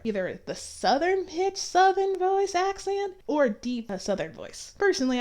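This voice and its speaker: A woman talks through her thoughts in a relaxed, chatty review. Her opinions are blunt, and she drops dry sarcastic asides. Her voice sits a little on the high side. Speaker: YouTube reviewer. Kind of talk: casual review commentary.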